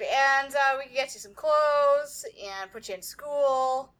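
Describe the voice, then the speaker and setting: A woman's voice: high voice, takes it slowly, few pauses, fairly bright tone, poor audio. A woman playing a tabletop game, joking and playful in casual talk. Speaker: player.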